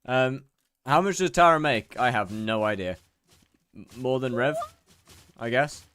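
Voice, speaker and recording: A man's voice: mid-range voice, a little slow, fairly bright tone, clean tone, dry recording. A young British man chatting casually on a live stream while gaming, rambling and mocking himself as he reads out chat.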